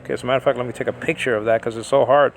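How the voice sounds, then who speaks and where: A man teaching a Bible lesson in a halting, informal way, with many fillers as he sounds out Hebrew and Greek words. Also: medium pitch, fairly even intonation, vocal fry, slight background noise. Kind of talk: informal scripture study.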